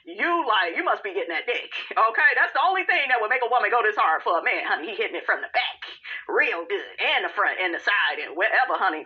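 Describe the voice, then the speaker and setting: A woman hosting a podcast that recaps a reality show offers casual commentary that is sassy, blunt and profane, calling her listeners honey and y'all. Her voice is mid-range, animated and fast, and the recording sounds muffled.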